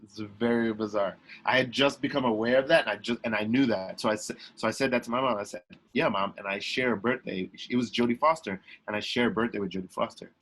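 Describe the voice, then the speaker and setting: A young man telling a story as a podcast guest, emphatic and lively, with many restarts. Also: mid-range voice, fast talker, few pauses, low-quality recording. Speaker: guest, actor and comedian. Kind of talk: animated storytelling in a podcast interview.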